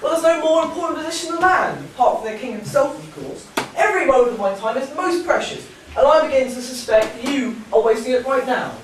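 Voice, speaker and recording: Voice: sits high, animated, fast, a little hiss or hum. A performer playing a pompous, self-important male servant of the king in a school stage play, recorded far off in an echoey hall. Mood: indignant. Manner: pompous, fussy.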